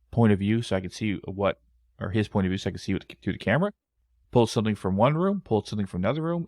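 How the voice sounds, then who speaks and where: A man co-hosting a podcast, retelling an experience in an animated, casual way with quoted dialogue. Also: fairly low pitch, no room sound, clean studio sound. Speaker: podcast co-host. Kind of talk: casual storytelling.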